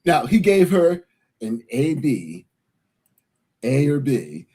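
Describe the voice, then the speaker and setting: A man co-hosting a stream who teases his co-host and jokes around in an animated way. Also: medium pitch, slow, breathy edge. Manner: animated, teasing. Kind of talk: reaction commentary.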